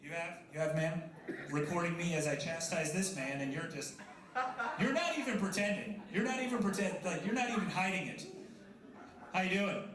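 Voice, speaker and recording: This stand-up set comes from a coffee house stage, recorded with roomy live-venue acoustics before an audience. The comic, a man in his thirties, has a high voice at a moderate pace and mixes self-deprecating jokes with crowd chat.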